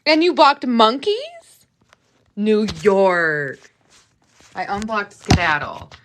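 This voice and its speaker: A woman's voice: mid-range voice, big pitch swings, slow, fairly bright tone. A woman live-streaming from her kitchen, chatting casually with viewers and playfully scolding them as she cooks. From Canada. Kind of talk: casual live-stream chat while cooking.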